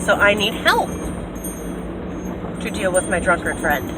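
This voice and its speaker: A woman's voice: a little slow, noisy background. A young woman, telling a story in a casual vlog and acting out what people said with big jumps in her voice. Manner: animated storyteller, acts out quotes with big pitch jumps. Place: in a car.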